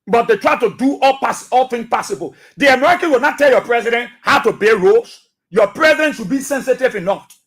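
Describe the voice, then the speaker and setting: A man's voice: very high-pitched, lively intonation, brisk, fairly bright tone, breathy edge. A man with a Liberian English accent hosting a radio talk show, delivering emphatic commentary with repeated phrases and rhetorical questions. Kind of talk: commentary monologue. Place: radio studio.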